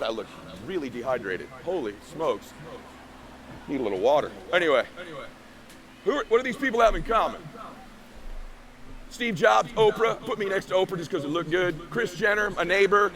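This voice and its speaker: A man giving an emphatic, preachy motivational keynote on stage before a live audience, firing off rhetorical questions. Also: sits high. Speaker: motivational speaker.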